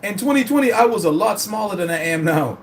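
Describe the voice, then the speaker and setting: A man's voice: high-pitched, fast, slight background noise. A man vlogging about his fitness journey in a casual, rambling, profane way. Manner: rambling, profane, animated storytelling. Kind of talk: casual chat.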